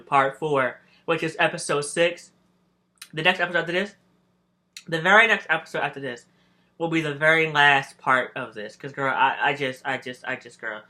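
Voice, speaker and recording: A man's voice: a little high, normal speed, pushed and bright. A young man hosting a casual storytime podcast while snacking, sassy and profane, rambling from one tangent to the next and calling his listeners "girl". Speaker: podcast host.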